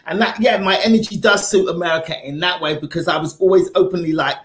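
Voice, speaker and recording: A woman's voice: on the low side, fast talker, few pauses, reverberant. A woman comedian from Africa, chatting casually as a guest and laughing often. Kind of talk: casual chat.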